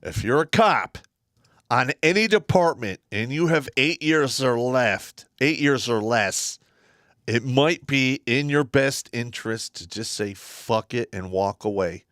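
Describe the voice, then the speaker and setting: A man's voice: medium pitch, a little slow, dry recording, studio quality. A man co-hosting a casual live stream, telling stories bluntly and profanely. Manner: animated storyteller, blunt and profane.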